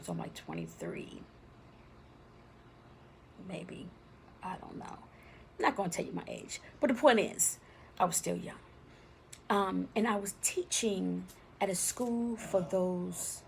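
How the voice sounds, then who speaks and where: A woman's voice: on the low side, vocal fry, darkish tone, a little hiss or hum. A woman and former teacher telling a personal story in a conversational way, often checking in with "right?".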